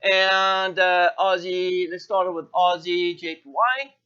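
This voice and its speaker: A man hosting a live trading show, thinking aloud through currency charts with many fillers and quick self-corrections. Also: high-pitched, fairly even intonation, pushed and bright, smooth, lo-fi sound. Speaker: forex trading show host. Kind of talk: live market walkthrough.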